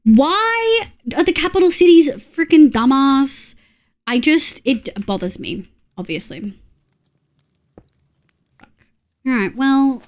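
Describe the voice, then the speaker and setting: A young woman from Australia, streaming a game and chatting with her viewers in a loose, casual way. Her voice sits a little high for a woman, and she swears freely and yelps at sudden scares. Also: expressive, takes it slowly, pauses often. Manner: chatty, swears often, reacts loudly to jump scares. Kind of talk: casual gaming livestream chat.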